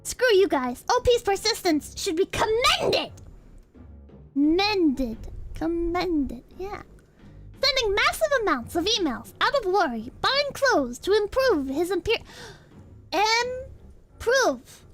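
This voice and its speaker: Streamer: very high, bright woman's voice, lively and giggly, light music under it. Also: slow. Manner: giggly, banters with chat, breaks into shrieking laughter. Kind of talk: casual chat with viewers.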